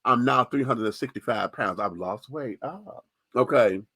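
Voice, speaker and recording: A man's voice: medium pitch, moderate pace, pushed and bright, breathy edge, no echo. A man hosting a radio show, speaking in impassioned, profane, sassy commentary.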